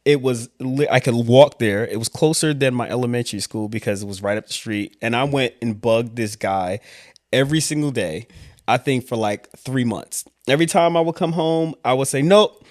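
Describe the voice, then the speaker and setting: A man from Queens, telling stories in a casual, animated vlog chat. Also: medium pitch, no room sound, clean studio sound. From Queens, New York. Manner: animated, quick asides and laughs. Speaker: vlog host telling his story.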